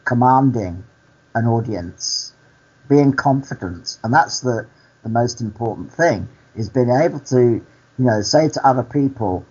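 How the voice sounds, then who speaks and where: A male actor and activist, a guest in a candid interview, speaking earnestly and telling stories at an unhurried pace. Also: medium pitch, lively intonation, darkish tone, slightly rough, muffled recording.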